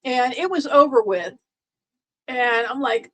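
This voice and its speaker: A woman hosts a live stream and chats casually with her viewers, and her voice sits a little on the high side. She rambles along with plenty of fillers and restarts. She keeps up a playful, teasing banter with the chat. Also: takes it slowly, pauses often, fairly bright tone, low-quality recording. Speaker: livestream host.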